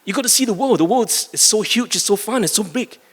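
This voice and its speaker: Eager storybook bunny, pitched up and pushy; male speaker doing it, echoing hall. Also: lively intonation, quick pace, fairly bright tone, slightly rough, full character voice. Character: excited little bunny urging adventure. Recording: reverberant conference hall.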